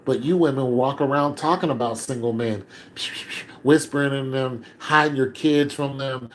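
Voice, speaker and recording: An older man speaking in a heated, emotional monologue, climbing close to shouting as he grows upset and sinking low and weary when he gives up. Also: a little hiss or hum, low-quality recording. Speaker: commentator.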